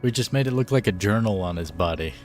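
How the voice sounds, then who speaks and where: A man's voice: lowish voice, lively intonation, quick pace, faint music behind. A tipsy man streaming a game live, chatting in a rambling, profane, loose way. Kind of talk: casual live-stream chat.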